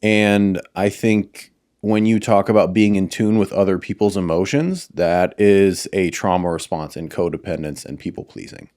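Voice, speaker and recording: A man co-hosting a podcast, his voice sitting a little low. He talks bluntly and matter-of-factly, swearing in passing. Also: steady tone, normal speed, darkish tone. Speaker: podcast co-host. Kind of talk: casual chat.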